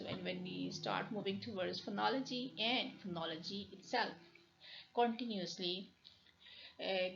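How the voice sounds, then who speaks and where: A woman's voice: mid-range voice, creaky, dull audio. A woman university lecturer with a Pakistani English accent, giving a recorded linguistics lecture and often repeating and rephrasing herself with fillers.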